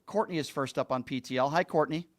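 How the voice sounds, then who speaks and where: A man's voice: a little high, quick pace. A man hosting a call-in talk show, speaking earnestly and emphatically and repeating his points for stress.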